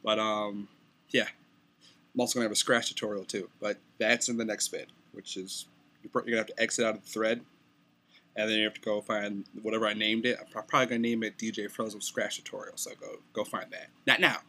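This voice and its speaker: A man's voice: lowish voice, level tone, quick pace, bright, forceful tone. A young man making a casual beatbox tutorial, talking loosely and stumbling over words. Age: young adult.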